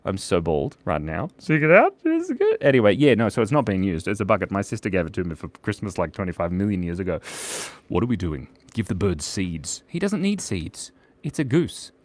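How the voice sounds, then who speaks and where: A man's voice: deep voice, wildly swooping pitch, a little fast, no echo. A man hosting a live drawing stream in a playful, chatty, jokey way. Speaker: host and illustrator.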